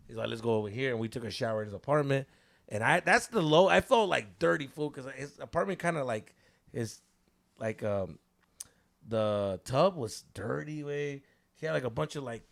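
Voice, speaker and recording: A man's voice: on the high side, vocal fry. A man in his thirties telling a wild story on a casual podcast, slangy, swearing often and mixing in Spanish words.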